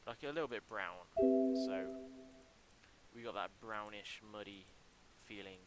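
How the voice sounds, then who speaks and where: Over faint music and poor audio, a young man with a low-side, darkish voice chats on his livestream while building a game level. He speaks haltingly into a desk mic, often restarting and saying um.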